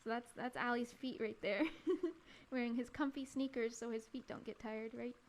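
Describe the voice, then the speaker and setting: High-pitched giggly woman streamer, rambly casual chat about her photos. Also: fairly even intonation, a little fast. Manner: giggly, laughs often between remarks; chatty, rambling, restarts phrases. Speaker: live streamer.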